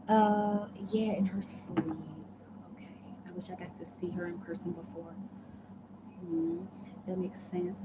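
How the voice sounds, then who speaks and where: A woman's voice: on the low side, steady tone, unhurried. A woman giving a live tarot reading in a chatty, rambling way with many fillers. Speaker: tarot reader. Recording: dull lo-fi sound with background noise.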